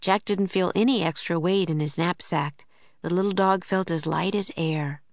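Low-voiced woman reading a storybook aloud. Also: moderate pace, dry recording. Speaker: audiobook narrator. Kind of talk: scripted narration.

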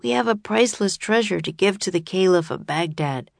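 A woman's voice: on the low side, brisk, creaky, no room sound. Woman doing a cautious, earnest young boy.

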